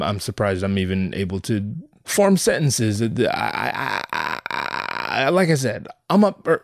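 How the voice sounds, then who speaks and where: A man in his thirties talking casually, rambling through stories with heavy swearing and animated asides. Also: mid-range voice, no echo, studio quality. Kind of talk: casual profane monologue.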